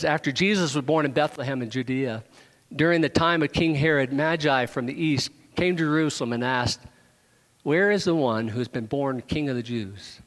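A male pastor preaching with animated energy, his voice climbing into emphatic questions and teasing the congregation by name. His voice sits somewhat high for a man, and a long hall reverb trails each phrase. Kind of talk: sermon.

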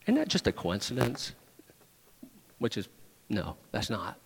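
A man preaching a sermon in a church, emphatic, rising to loud proclamations and dropping to hushed asides. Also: lowish voice, huge pitch swings, measured pace, gravelly, breathy edge. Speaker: pastor. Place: church sanctuary. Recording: long hall reverb.

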